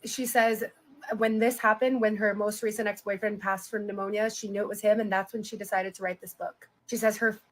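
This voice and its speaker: A woman's voice: medium pitch, level tone, brisk, low-quality recording. A woman on a live stream reading passages from a book and summarizing them in a casual way. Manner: retells passages in plain summary, casual asides. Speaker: co-host reading a book aloud.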